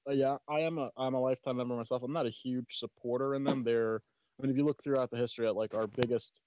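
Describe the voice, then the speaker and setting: A man's voice: mid-range voice, fairly even intonation, quick pace, noisy background. A man in a casual debate who talks in an emphatic, rambling way and swears now and then. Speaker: panel guest. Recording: dull lo-fi mic.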